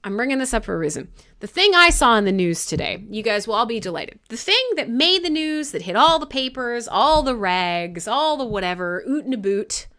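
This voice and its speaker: A woman's voice: a little high, sing-song, a little fast, sharp tone. A young woman from Canada hosting a live radio show, with irreverent chat full of jokes, laughter and swearing.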